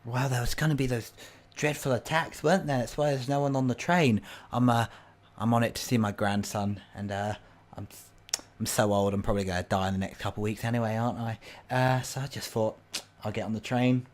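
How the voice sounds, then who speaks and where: A man's voice: medium pitch, steady tone, brisk, natural voice. A man voicing a nervous, frail old woman passenger who stammers and hesitates.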